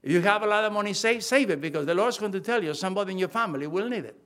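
An older man with a high-pitched voice delivers a sermon. He preaches with emphasis, hammers home key phrases, and often stops to restart his sentences. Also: lively intonation, rapid-fire, fairly bright tone.

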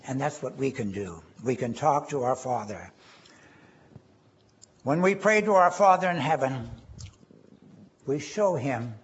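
A man preaching a sermon, quoting scripture and rising in pitch and force on key phrases. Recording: dull lo-fi recording.

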